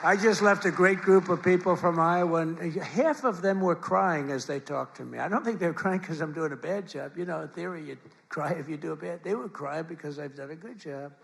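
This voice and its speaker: A man's voice: on the high side, a little fast, creaky, few pauses, a bit bright. An older man giving a rambling, repetitive campaign rally speech from a podium microphone in a large event hall, with the audience heard around him. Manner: rambling, repetitive, boastful asides. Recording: live rally with crowd noise. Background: crowd and ambient noise.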